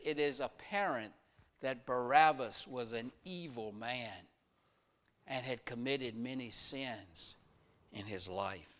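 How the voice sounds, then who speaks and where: A man preaching a sermon, retelling a story with dramatic rises and drops in loudness. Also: fairly high pitch.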